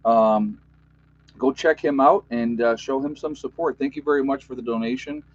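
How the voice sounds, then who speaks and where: A man in his fifties with a thick New York accent chats through a casual livestream, rambling and joking with plenty of filler words. He sounds overtired, and his voice sits at an ordinary middle pitch. The audio is a little muffled and lo-fi. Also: normal speed. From United States. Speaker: YouTube channel host.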